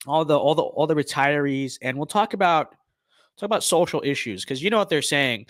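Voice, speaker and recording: A man's voice: on the high side, normal speed, no room sound, clean studio sound. A young man streaming a game, giving casual, playful commentary with mock-political banter while he thinks aloud.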